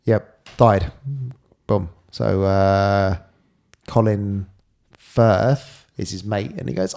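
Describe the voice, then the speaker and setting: A man's voice: on the low side, steady tone, very slow, vocal fry, darkish tone. A man co-hosting a podcast in casual chat, jokey, blunt and offhand. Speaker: podcast co-host.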